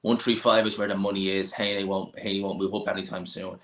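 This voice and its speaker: A man's voice: low voice, little pitch movement, fast talker, a bit bright. A young Irish man hosting a boxing channel, chatting casually and opinionated, thinking aloud with lots of fillers. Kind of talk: casual live chat answering viewers. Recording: roomy echoey room.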